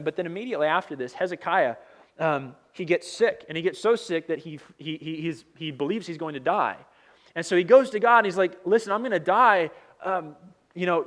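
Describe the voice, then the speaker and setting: A young adult man preaching a casual sermon as pastor, retelling scripture in a conversational storytelling way. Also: sits high. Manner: conversational storytelling with fillers and paraphrased dialogue.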